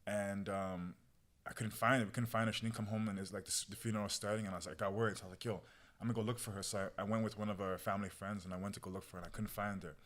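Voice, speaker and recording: A man's voice: on the low side, fairly even intonation, rapid-fire, fairly bright tone. A young man telling a personal story as a podcast guest in casual, slangy talk. He keeps saying "bro" and "yo" and acts out his own past words as he goes. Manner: relives moments through quoted self-talk.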